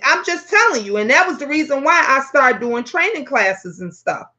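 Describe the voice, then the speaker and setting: Brash, profane woman with a bright voice. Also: sits high, normal speed, highs cut off. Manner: brash, profane, animated storytelling. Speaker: talk show host. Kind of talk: casual vlog talk.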